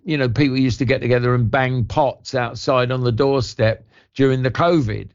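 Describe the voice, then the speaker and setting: An older English actor, a guest on a radio show, telling stories in a rambling way over the phone. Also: male voice, mid-range voice, steady tone, normal speed. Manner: rambling, warm anecdotal storytelling with restarts. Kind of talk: radio interview chat. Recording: lo-fi phone line.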